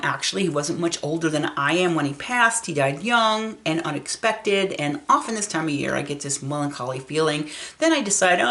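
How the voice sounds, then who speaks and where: A woman's voice: on the low side, a bit bright. A woman in her sixties telling a personal story in a chatty vlog, laughing often as she talks. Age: 60s. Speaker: vlogger.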